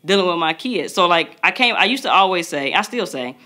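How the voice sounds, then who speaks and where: A woman in her thirties co-hosts a casual podcast about parenting. Her voice sits a little low but rings very bright and forward, and she tells stories with lively energy, jumping into the voices of the people in them. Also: fairly quick. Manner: animated storytelling, acts out quotes. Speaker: podcast co-host. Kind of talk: casual chat.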